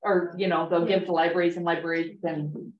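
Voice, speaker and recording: A woman's voice: lowish voice, level tone, a little fast, a little hiss or hum. A woman in a casual group discussion who asks questions and offers suggestions. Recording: roomy, distant, dull table mic.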